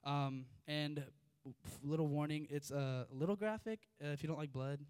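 Young man, preacher, casual sermon, smooth clear voice, dry sound, a bit higher pitch. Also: normal speed, darkish tone, no echo. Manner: informal, chatty asides amid scripture reading. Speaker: youth preacher.

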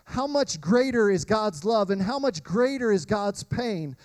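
A man preaches a sermon in a high, bright voice. He tells lively personal stories and talks straight to the congregation. The sound is dry and close, with no room echo. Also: a little slow. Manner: animated storytelling, addresses crowd as y'all. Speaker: pastor.

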